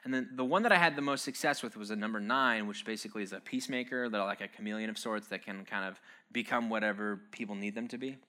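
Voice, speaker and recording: A man's voice: on the low side, fast, few pauses, bright, forceful tone. A man giving a casual, joking sermon-style talk, conversational and wry, with frequent "um"s and "uh"s.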